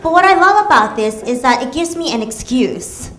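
A woman from the United States performing a stand-up comedy set with playful, deadpan asides. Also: high voice, moderate pace, background noise. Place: comedy club stage. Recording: roomy club with audience laughter. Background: audience laughter.

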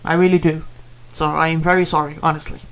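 A man's voice: on the high side, level tone, fast, clean tone. A man, a streamer talking casually and earnestly, rambling and repeating himself with many fillers as he apologizes to a viewer.

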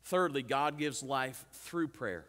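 A man's voice: mid-range voice, lively intonation, takes it slowly, fairly bright tone, long reverb tail. A man preaching a sermon, earnest and calling out "Amen?" to the congregation, with amused asides. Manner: calls out "Amen?" and asks the congregation questions. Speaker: pastor. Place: church sanctuary.

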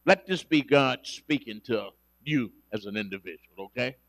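Animated male preacher, dry close sound. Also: medium pitch, moderate pace, no echo. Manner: animated preaching that swings between loud emphasis and quiet asides; acts out quoted scripture speakers dramatically. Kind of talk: sermon.

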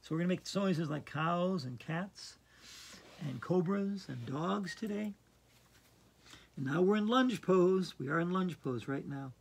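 A woman's voice: fairly low pitch, lively intonation, unhurried, darkish tone, breathy edge. A woman teaching a playful yoga lesson at home, chatty and silly. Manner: silly, chatty, breaks into singing. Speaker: yoga instructor. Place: home hallway.

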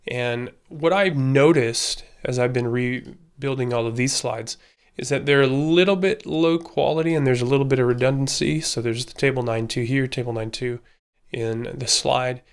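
A man's voice: mid-range voice, moderate pace, clean tone. Man talking through a slide tutorial. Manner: relaxed thinking aloud, many fillers. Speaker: instructor. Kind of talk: screen-recorded tutorial walkthrough.

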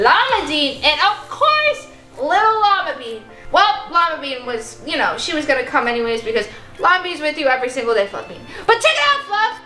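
A young woman vlogger play-acting a birthday party with plush toys, gushing and excitable, full of gasps and "like". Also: very high voice, reverberant. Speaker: vlogger staging a toy pet party.

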